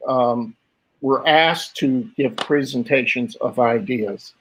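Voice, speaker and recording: Older man, interview guest, animated storyteller, acts out voices, laughs often. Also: medium pitch, takes it slowly, a little hiss or hum, rough recording. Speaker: guest artist.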